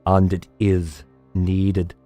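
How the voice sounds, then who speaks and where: A man doing a solemn, formal noble knight speaks in a loose British Isles accent. The delivery is slow and declaiming, lifted above his usual low voice. Faint music plays behind. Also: monotone, dark tone, dry recording. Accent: loose British Isles accent attempt. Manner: slow, declaiming, old-fashioned speech.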